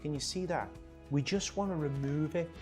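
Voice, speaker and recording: A man's voice: a little high, normal speed, over music. A man hosting a cooking demonstration, chatty and joking, often talking to his cameraman. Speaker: chef hosting a cooking show.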